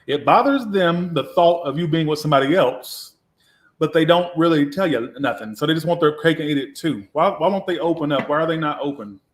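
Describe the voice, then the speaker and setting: Talking briskly in a fairly high voice, this man runs an informal live tarot reading. He's frank, sassy and swears a lot, and the recording carries noticeable echo.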